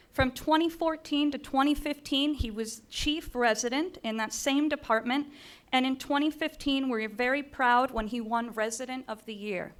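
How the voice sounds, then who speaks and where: A woman introducing a speaker at a ceremony from a podium microphone, admiring and chatty with warm asides. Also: high voice. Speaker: ceremony presenter. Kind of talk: introduction speech. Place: large ceremony venue.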